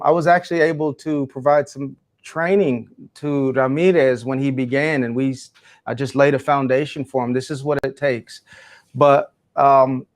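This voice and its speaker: A man who is a guest in an interview, an education speaker answering in a passionate, emphatic, preacherly way. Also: mid-range voice.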